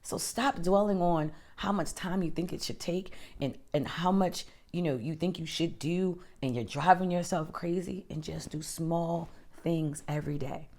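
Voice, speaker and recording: Low-voiced woman giving motivational pep talk. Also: moderate pace, hardly any pauses. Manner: emphatic and encouraging, addresses listener as honey and girl; animated, swings between loud emphasis and quiet, near-whispered lines. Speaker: podcast host. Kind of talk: motivational self-help monologue.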